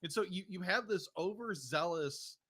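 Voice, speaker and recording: A man's voice: sits high, moderate pace, a bit bright, slightly rough. A man hosting a casual film discussion podcast, rambling and restarting his sentences. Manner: rambling, restarts often, keeps saying "be like". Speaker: podcast host.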